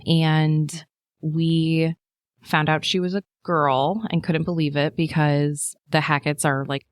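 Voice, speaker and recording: A woman in her thirties, a podcast guest telling her birth story in a chatty way, with lots of fillers and lively quoting of people. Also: deep voice, slow pace, no room sound, clean studio sound. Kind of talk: casual chat.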